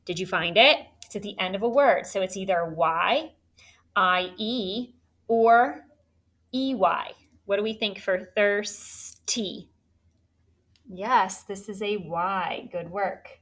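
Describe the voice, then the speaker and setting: Slow, patient woman teaching phonics. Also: medium pitch, fairly bright tone. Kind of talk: phonics lesson to children.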